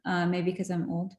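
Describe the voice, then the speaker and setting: A woman's voice: lowish voice, a little mellow, reverberant. A woman hosting a casual livestream, chatty and laughing often with lots of fillers. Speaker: livestream host. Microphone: video call.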